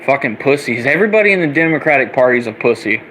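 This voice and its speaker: A young man in an angry, profane rant that circles back on the same insults. His voice sits at an ordinary middle pitch, with a faint air-conditioner hum in the background. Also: expressive, rapid-fire, fairly bright tone, low-quality recording. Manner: heated, profane, repetitive ranting. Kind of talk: angry political rant vlog.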